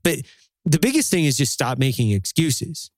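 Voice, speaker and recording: A man's voice: on the high side, big pitch swings, normal speed, no room sound. A man hosting a casual podcast chat, talking bluntly and profanely in a motivational way.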